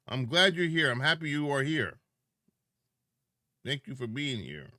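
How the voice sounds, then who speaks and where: Sleepy, drawn-out male streamer. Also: medium pitch, sing-song, bright, forceful tone, no room sound, studio quality. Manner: chatty, greets viewers by name, drawn-out words. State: sleepy, yawning. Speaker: live streamer. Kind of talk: casual live-stream chat.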